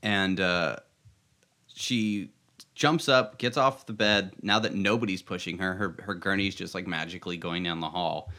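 A man's voice: deep voice, moderate pace, sharp tone. A man co-hosting a casual podcast, recapping an episode in a rambling way with lots of fillers and laughs. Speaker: podcast co-host.

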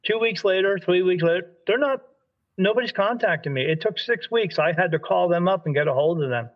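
A man's voice: high voice, a little fast, dull audio. A man from Delaware telling a story in conversation, acting out the dialogue and often restarting his sentences. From Delaware, USA. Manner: animated storyteller, acts out quoted dialogue, frequent restarts. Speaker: spirit medium.

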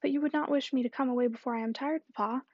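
A woman reading the lines of a confident young gentlewoman reassuring her father. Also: sits high, fairly even intonation, very fast, no room sound, dull audio.

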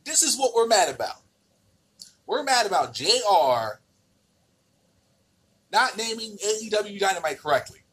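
A man's voice: sits high, very animated, a little slow, pauses often, fairly bright tone, slightly rough. A man with an American accent hosting a podcast, ranting in a casual, exasperated and profane way with many restarts. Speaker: podcast host.

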